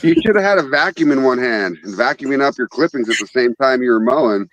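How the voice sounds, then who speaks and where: A man from Wyoming hosting a casual chat, telling stories in a loud, profane, animated way. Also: medium pitch, quick pace, lo-fi sound, slight background noise. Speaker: podcast host.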